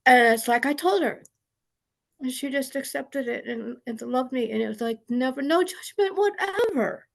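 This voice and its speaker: Her voice sits high with vocal fry, moving at a normal speed, as this study group member shares a personal story over a video call. The account is heartfelt but drifts, with many restarts.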